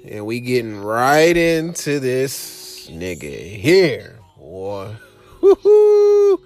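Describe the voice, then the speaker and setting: A man's voice: medium pitch, big pitch swings, drawn-out words. A young man with an African American Vernacular English accent, hosting a show in loose, profane casual commentary with laughing asides. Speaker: podcast host.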